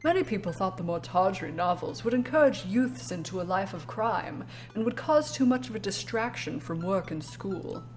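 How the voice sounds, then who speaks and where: A woman reading a courtly Victorian gentleman. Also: medium pitch, animated, moderate pace, few pauses, faint music behind, lightly acted. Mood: genteel. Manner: formal, precise reading of dialogue. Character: polite, pompous Victorian-styled man.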